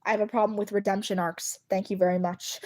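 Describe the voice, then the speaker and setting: A woman's voice: medium pitch, a little fast. A woman streaming live, chatting casually and giggling often as she talks to her viewers. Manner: giggly, laughs between sentences; animated, addresses viewers. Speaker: livestreamer. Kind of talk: casual chat.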